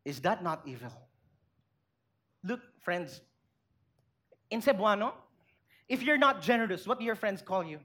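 A woman's voice: mid-range voice, expressive, measured pace, long pauses, a bit bright. A woman with a Filipino accent preaching a sermon, acting out little scenes and asking the congregation questions. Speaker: pastor.

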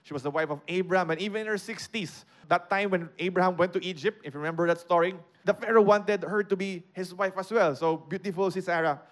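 High-voiced Filipino man preaching. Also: fast, few pauses, a bit bright. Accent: Filipino, mixing English with Cebuano. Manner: explains a scripture passage, code-switching and raising his voice for emphasis. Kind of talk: sermon teaching.

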